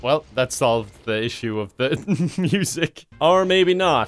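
A man's voice: a little high, measured pace, hardly any pauses, faint music behind. A young Irish man giving comedic, sarcastic commentary while playing a video game, laughing at what he sees. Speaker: gaming YouTuber.

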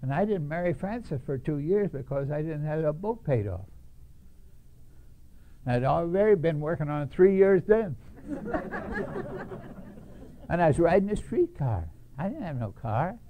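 A man's voice: on the high side, sing-song, unhurried, pauses often, mellow, a little hiss or hum. An older man telling his life story to an audience in a blunt, folksy way, chuckling at his own punchlines.

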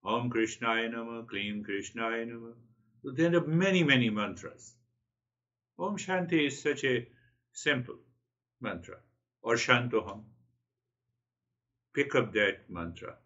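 A man's voice: mid-range voice, a little slow, long pauses, bright, forceful tone, highs cut off. A man giving a spiritual talk, earnest and repeating his key phrases. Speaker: spiritual teacher.

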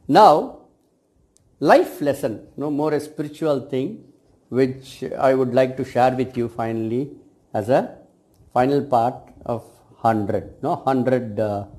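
A man, a cosmetic science lecturer giving a reflective video talk to his students, speaking in measured phrases that often end with "right?". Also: mid-range voice, dark tone.

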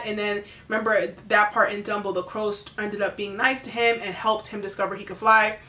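A woman's voice: mid-range voice, reverberant. A woman casually recapping a movie she just watched, chatty and full of fillers, briefly acting out the characters. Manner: animated, acts out characters in quick impressions. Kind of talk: casual chat.

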